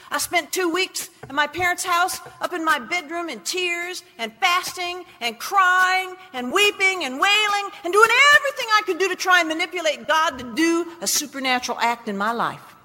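A high, bright-voiced woman gives a personal testimony sermon. She tells her story with strong emotion, dropping to a hush and then rising to an exclamation. Her voice rings out with a long hall reverb. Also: normal speed. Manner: emotional storytelling, big swings between hushed and exclaimed lines. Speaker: speaker giving a testimony.

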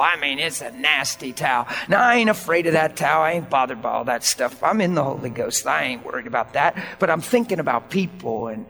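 A preacher with a high voice tells his story to the congregation, switching from near-whispers to shouts as he acts out the people in it. His voice rings in a long hall reverb, with faint music underneath. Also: brisk, gravelly, hardly any pauses. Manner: animated, shifts between hushed and shouting, acts out dialogue. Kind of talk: storytelling sermon. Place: church hall.

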